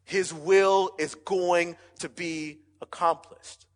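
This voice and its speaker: A young man preaching a sermon as pastor, emphatic and energetic, calling out to the congregation. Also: high voice, slow pace. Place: church sanctuary. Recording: church hall with long reverb.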